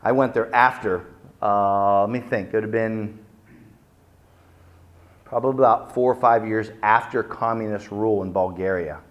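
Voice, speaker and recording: A middle-aged man preaching a sermon, telling stories dramatically and acting out the quotes with big swings in loudness. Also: fairly low pitch, steady tone, moderate pace, pauses often, dull audio. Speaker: pastor.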